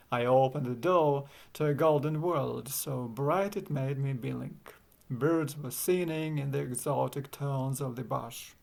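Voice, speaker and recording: A man's voice: mid-range voice, vocal fry, darkish tone. A man reading a travel story aloud as narrator, with a wry, dry sense of humor. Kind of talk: audiobook reading.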